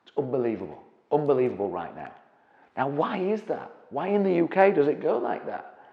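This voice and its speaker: A man giving an energetic seminar presentation as a property investment trainer, often checking in with the audience. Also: medium pitch, fairly quick, creaky. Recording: dull, echoey hall with long reverb.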